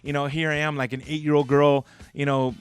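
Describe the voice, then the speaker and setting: A man's voice: on the high side, flat delivery, fairly quick, clean tone, faint music behind. A man hosting a radio interview, rambling and eager as he tells stories as a longtime fan. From Southern California. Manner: enthusiastic fan, rambling with many restarts. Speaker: radio DJ, host.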